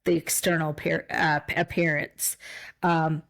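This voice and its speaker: A woman with a lowish voice co-hosts a conversational podcast. She speaks reflectively, circles back on her words, and gets emotional as she talks. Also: little pitch movement, a little slow, gravelly, a bit bright, low-quality recording. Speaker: podcast co-host.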